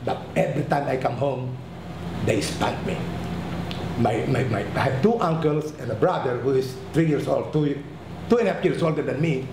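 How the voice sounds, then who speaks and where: A man in his sixties from the Philippines, telling his life story candidly and with profanity, often stammering over restarts. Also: mid-range voice. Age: 60s. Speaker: documentary subject. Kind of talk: personal storytelling. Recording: echoey room with background noise.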